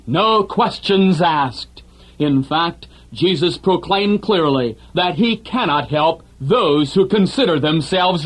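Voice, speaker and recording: Guy with a pretty high voice doing a radio sermon, earnest and steady. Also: poor audio. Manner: earnest, measured preaching. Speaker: radio preacher.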